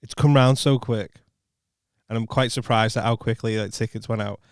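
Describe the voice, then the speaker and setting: Man, comedian co-host, casual chat, mid pitch, laughs often, swears, dry sound. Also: steady tone, normal speed, clean tone, no room sound.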